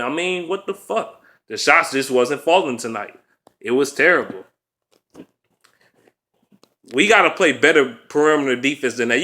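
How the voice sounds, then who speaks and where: A man ranting about a lost basketball game, swearing often, repeating himself and laughing in disbelief. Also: sharp tone. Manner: pitch jumps up sharply when worked up. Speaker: basketball fan vlogger. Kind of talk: angry game recap rant.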